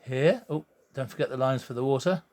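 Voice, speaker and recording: A man's voice: medium pitch, fairly quick, darkish tone. A man giving a jokey science lesson full of puns and drawing diagrams as he explains. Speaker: science teacher. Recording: roomy echo.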